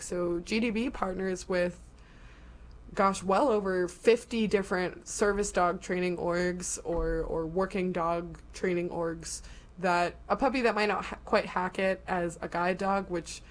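A woman's voice: fairly low pitch, measured pace. A woman co-hosting a podcast in casual chat, explaining things in detail with lots of "like" fillers.

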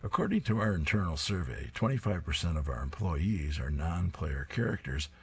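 A man's voice: a bass voice, expressive, normal speed, slightly rough, exaggerated voice. A man reading the lines of a self-serious office HR man in a matter-of-fact briefing tone.

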